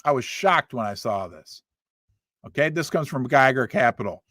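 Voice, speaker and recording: A man's voice: mid-range voice, lively intonation, moderate pace, a bit bright, no echo, clean studio sound. A middle-aged man hosting a finance commentary show, reading news aloud with emphatic, folksy asides and rhetorical questions. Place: home studio.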